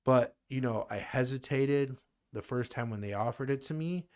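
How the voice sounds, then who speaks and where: A man's voice: medium pitch, normal speed, darkish tone. A man in his thirties from the Midwest with a Midwestern accent, chatting casually as a podcast guest and rambling with lots of fillers and restarts. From American Midwest. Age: 30s. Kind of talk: casual conversation.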